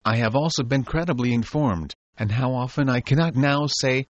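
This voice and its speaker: A man reading an old text aloud in a measured, deliberate way, recorded dry and dull. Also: medium pitch, dry recording. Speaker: audiobook reader.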